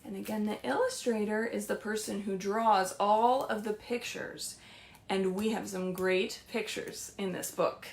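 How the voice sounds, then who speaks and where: A woman librarian reading picture books aloud to young children in a sing-song, animated storytelling voice, often asking them questions. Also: mid-range voice, measured pace, creaky. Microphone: streamed live.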